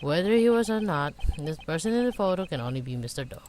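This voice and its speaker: A woman's voice: low voice, very animated, fast, darkish tone, slight background noise, pitched below the performer's own voice. A woman voicing a confident male prosecutor who speaks formally and accusingly in a fan dub of a game.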